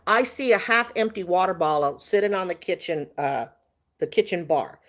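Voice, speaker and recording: A woman telling a story on a casual livestream, animated and chatty, laughing often. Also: fairly low pitch, moderate pace. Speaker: vlogger.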